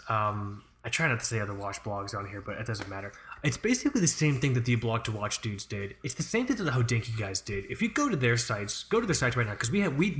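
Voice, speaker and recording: A young man co-hosting a podcast, ranting in casual chat with lots of swearing. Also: medium pitch. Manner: profane, ranting, animated. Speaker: podcast co-host.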